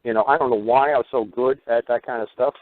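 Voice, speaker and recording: A man's voice: mid-range voice, steady tone, fast, dry recording. A man hosting a call-in radio talk show, ranting in a profane, rambling way. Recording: dry, phone-like sound.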